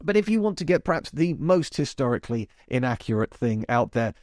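A man's voice: medium pitch, big pitch swings, brisk, a little mellow, no echo. Chatty man, dry close sound. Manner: chatty, digressive, emphatic asides. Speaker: podcast host. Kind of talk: casual chat monologue.

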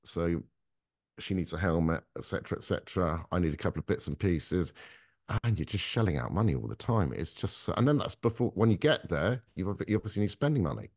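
A man's voice: sits low, animated, a little mellow, dry recording, clean studio sound. A young man, co-hosting a casual podcast and rambling about expenses in a grumbling way. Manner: grumbling, rambling about costs, slow drawn-out asides. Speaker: podcast co-host. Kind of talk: casual banter.

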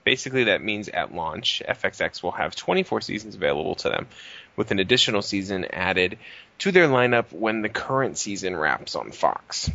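A man's voice: deep voice, lively intonation, normal speed, vocal fry, sharp tone, dull audio. A man co-hosting a podcast, reading entertainment news in a laid-back way, with casual swearing and fillers. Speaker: podcast co-host.

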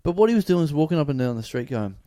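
Animated man telling a street story. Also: on the high side, very fast, no room sound, clean studio sound. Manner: animated storyteller, swearing, acting out a stranger's yelling. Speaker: podcast co-host. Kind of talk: casual chat, storytelling.

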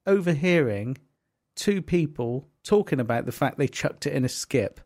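A man's voice: mid-range voice, animated, normal speed, darkish tone. A man co-hosting a comedy podcast, rambling and jokey, with plenty of swearing. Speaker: podcast co-host. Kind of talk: casual banter.

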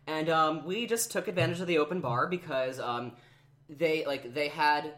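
A man's voice: on the high side, normal speed. A man hosting a podcast, telling a story in casual chat, acting out the quotes with lots of fillers. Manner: animated, acts out quotes with many fillers. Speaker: podcast host.

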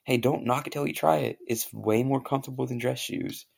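A man voicing a laid-back American software engineer who talks in relaxed, slangy phrases. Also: mid-range voice, a little fast, creaky, breathy edge. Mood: teasing.

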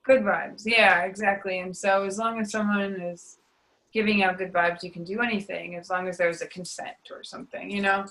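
A young woman with a bright, forward voice tells her personal testimony in a sit-down interview. She talks in a confessional way, full of fillers and asides. On the hard moments her voice sinks to a hush. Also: medium pitch, fairly even intonation, moderate pace, low-quality recording. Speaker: guest sharing testimony.

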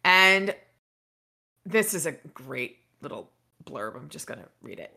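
Woman host chatting through a book recap, lowish bright voice, rambly. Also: very animated, unhurried, gravelly, breathy edge. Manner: rambling, many fillers and restarts while retelling. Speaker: podcast host.

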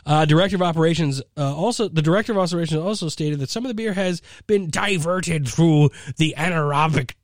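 A rambling, sarcastic man reads news stories aloud and breaks off to joke about them, his voice pitched a little higher than most men's. The recording is dry and close, with no echo around it. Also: fairly quick, hardly any pauses. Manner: rambling and sarcastic, swears, many fillers and restarts. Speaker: podcast host reading news. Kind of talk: casual comedic news commentary.

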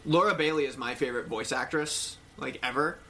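A man's voice: mid-range voice, fairly quick, sharp tone, slight background noise. A man hosting a casual podcast chat, cheerful and asking the others questions. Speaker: podcast host.

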